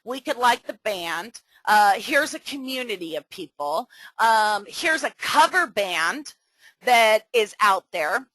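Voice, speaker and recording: A middle-aged woman coaching a webinar in a chatty, animated way with many fillers. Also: a little high, slow pace, no echo, low-quality recording. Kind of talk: casual webinar teaching.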